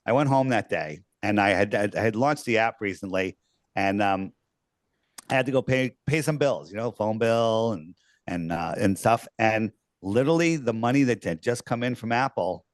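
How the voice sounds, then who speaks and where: Animated storytelling man, dry close mic. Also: medium pitch, dry recording. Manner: animated, swears, acts out quoted voices. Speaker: guest. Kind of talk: casual storytelling interview.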